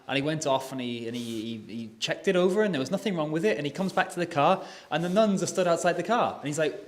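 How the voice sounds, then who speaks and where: A man's voice: a little high, quick pace, few pauses. A man telling a funny anecdote in casual banter, with hesitant restarts as he goes.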